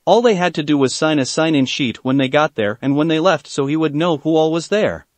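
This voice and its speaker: A man reads fan fiction aloud in a fairly high voice, close and dry. His steady narration now and then trips over a word. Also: fairly quick, no echo.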